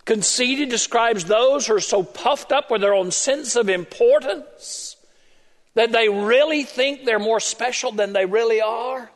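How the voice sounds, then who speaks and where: A male pastor delivering a sermon, stretching key words for emphasis. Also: very high-pitched. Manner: emphatic preaching, drawn-out stressed words. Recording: long reverb of a large hall.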